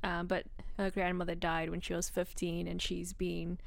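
A woman's voice: on the low side, monotone, normal speed, vocal fry, no echo. A woman introducing herself to a game group, chatting in a bubbly way. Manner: bubbly, laughs easily. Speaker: player and composer. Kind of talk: casual tabletop chat.

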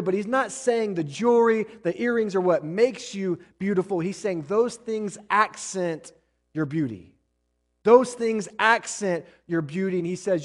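A man preaches to his congregation with a somewhat raised pitch. He builds to loud, pressing emphasis, then drops to a hushed, close tone. He keeps turning to the room with quick questions. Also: lively intonation. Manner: preaching with rising and falling intensity, asks the congregation questions. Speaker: pastor. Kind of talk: sermon.

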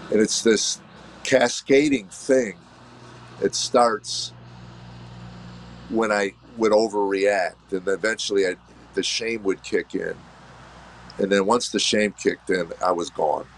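A middle-aged man, a comedian, telling his personal story in an earnest, reflective way, halting and restarting. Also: lowish voice, steady tone, a little hiss or hum. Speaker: comedian guest.

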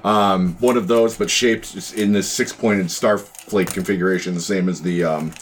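A man narrating a tabletop game as game master, rambling with many pauses and restarts. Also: deep voice, fairly even intonation, slight background noise.

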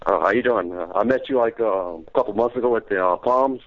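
A male caller speaks hesitantly, filling gaps and keeping his answers short. His voice sits fairly low. The line sounds dull and lo-fi. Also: a little fast. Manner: hesitant, short replies, many fillers. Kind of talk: phone-in chat. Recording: dull lo-fi phone-in audio.

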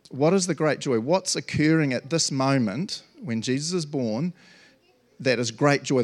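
A man preaching a casual, playful sermon, chatty and acting out quotes with sudden loud outbursts. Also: mid-range voice. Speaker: pastor.

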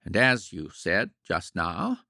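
A man reading the part of a flustered but self-assured gentleman in an audiobook, blustering and fussily soothing. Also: low-pitched, wildly swooping pitch, takes it slowly, vocal fry, slightly rough, no echo, clean studio sound, exaggerated voice. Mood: fussy.

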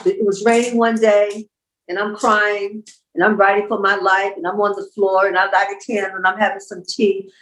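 A woman's voice: mid-range voice, flat delivery, moderate pace, fairly bright tone, a little hiss or hum, rough recording. A woman guest on a podcast, a holistic healer and author, telling her story in a heartfelt, emphatic way and repeating phrases for weight. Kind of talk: personal storytelling in a podcast interview.

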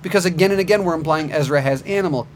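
A man's voice: on the high side, rapid-fire, a little hiss or hum. A man co-hosting a casual podcast chat, wry and critical. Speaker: podcast co-host.

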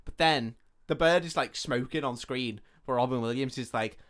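A man's voice: medium pitch, normal speed, a bit bright. A man co-hosting a podcast, retelling a film in a laid-back way with dry asides. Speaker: podcast co-host. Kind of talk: casual comedic retelling.

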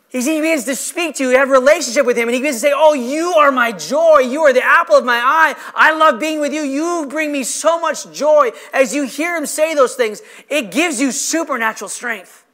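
A man preaching with a strikingly high, bright, forceful voice. His delivery is impassioned and emphatic, slowing down to press home key lines. He sounds like a pastor mid-sermon before a congregation. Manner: impassioned, emphatic preaching with slow stressed phrases. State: emotional.

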